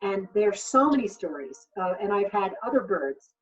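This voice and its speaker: A woman's voice: mid-range voice, very animated, moderate pace, far from the mic, dull audio. A woman leading a casual group conversation as an animal communicator, encouraging others, laughing often and repeating her words.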